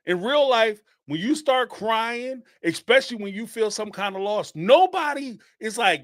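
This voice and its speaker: A man with a high voice hosts a reality-TV call-in show, talking in a casual, sarcastic and animated way. He laughs often, and the sound is close and dry. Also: normal speed, hardly any pauses, no echo. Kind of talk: casual commentary.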